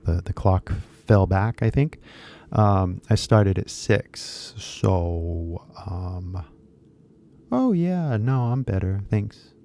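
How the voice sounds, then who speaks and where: A man's voice: on the low side, warm tone. A man hosting a casual live stream as an English teacher, talking in a loose, rambling way with many fillers and a few Japanese words mixed in.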